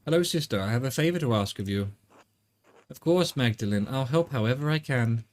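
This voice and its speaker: A man voicing a curious, kind young woman artist, reading game dialogue aloud in a gentle, questioning way. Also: mid-range voice, animated, a little fast, close to an everyday voice. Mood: polite.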